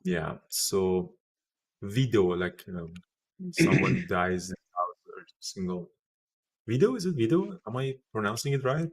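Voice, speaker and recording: A man hosting a live trading show, giving excitable market commentary and thinking aloud. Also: low-pitched, a little slow, husky.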